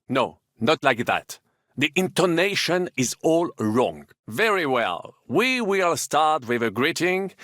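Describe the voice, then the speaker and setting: An actor playing a vain, witty French knight in a game, with a French accent and a theatrical, haughty manner. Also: male voice, on the high side, fairly bright tone, no room sound, studio quality. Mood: instructive. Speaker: game character. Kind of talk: game voice acting.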